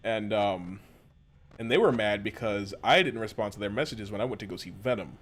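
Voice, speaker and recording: A man's voice: lowish voice, brisk, a bit bright. A man from the western United States chatting casually and profanely while streaming a game, rambling with lots of slang. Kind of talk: casual gameplay chat.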